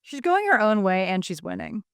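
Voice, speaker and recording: Lively woman co-host recapping a story, smooth voice, dry sound, acts out lines. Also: mid-range voice, no room sound. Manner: animated storytelling, acting out characters in quick asides. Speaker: podcast co-host. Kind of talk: casual recap chat.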